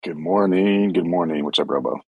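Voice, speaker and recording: A man's voice: low voice, fairly quick, creaky, husky, phone-quality sound. A man with a Kentucky accent, calling into a casual live audio chat in an easygoing way. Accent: Southern US, Kentucky. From Kentucky, USA. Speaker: caller.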